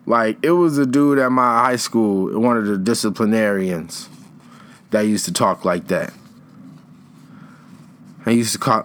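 A man's voice: fairly low pitch, unhurried, pauses often, a bit bright. A young man chatting casually in a rambling, slangy way, trailing off and restarting his thoughts. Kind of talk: casual chat.

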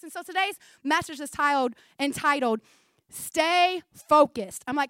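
A woman in her forties preaching a sermon in a church, talking fast and chatty with frequent laughs. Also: high-pitched, animated, fairly bright tone, dry recording, studio quality. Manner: fast, chatty, laughing often, says 'like' a lot.

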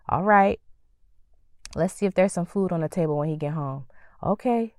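A woman hosting a podcast, delivering a faith-based motivational talk in an animated, preacherly way with bursts of sassy acted-out thoughts. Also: lowish voice, moderate pace, dry recording, studio quality. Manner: animated, preacherly, acts out quoted thoughts with playful sass. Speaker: podcast host.

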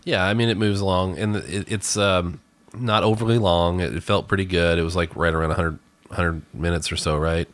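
A man's voice: low voice, fairly even intonation, fairly quick, dry recording. A man co-hosting a casual movie review chat, rambling with many restarts and fillers. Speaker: podcast co-host reviewing a movie.

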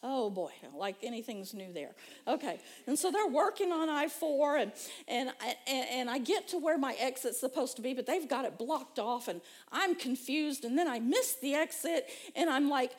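A woman's voice: high voice, expressive, normal speed. A woman preacher giving an emotional sermon testimony, telling her story emphatically and building to fervent exclamations.

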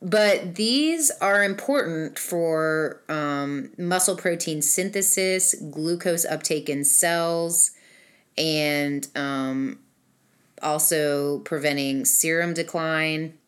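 A woman co-hosting a casual health chat, playful and quick to laugh, slowing down to explain things. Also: deep voice. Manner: playful, laughs often, explains at a measured pace. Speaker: podcast co-host.

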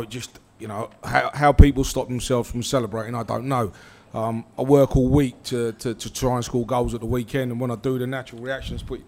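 A man's voice: medium pitch, a little mellow. A man, a former footballer telling a story on stage with many restarts and easy laughter. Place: live event with an audience.

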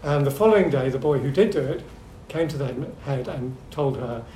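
A man's voice: medium pitch, fairly quick. Middle-aged man telling stories, echoey room. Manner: hesitant, with many ums and restarts; lively storyteller. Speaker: seminar speaker. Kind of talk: anecdotal talk to a seminar audience. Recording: echoey room with faint hum.

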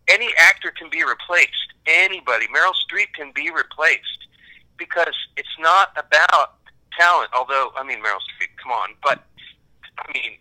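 An American man from Kansas, an actor, chatting casually in an interview in a rambling, animated, self-deprecating way. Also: on the high side, moderate pace, poor audio. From Kansas, United States. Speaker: actor guest.

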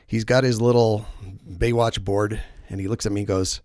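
A man with a fairly low voice hosts a relaxed podcast chat about faith. He tells long, self-deprecating stories, full of fillers and restarts. His voice is close and dry, with no room sound. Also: moderate pace, hardly any pauses, no room sound. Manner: rambling, self-deprecating storyteller. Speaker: podcast host. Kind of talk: casual faith-based podcast conversation.

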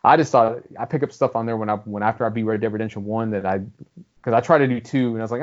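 A fast-talking man with a fairly low voice chats casually and rambles about video games, swearing freely and acting out characters' lines, over dull, lo-fi audio.

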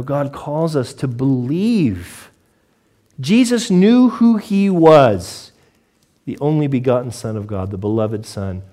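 A male pastor delivering a sermon to his congregation, lively and joking, often asking rhetorical questions. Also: a little high. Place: church before a congregation.

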